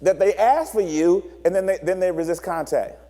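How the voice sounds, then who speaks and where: A man's voice: high voice, normal speed, big-room sound. A man preaching a sermon, acting out children and couples as he explains. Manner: animated preacher acting out voices of children and partners. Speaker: pastor.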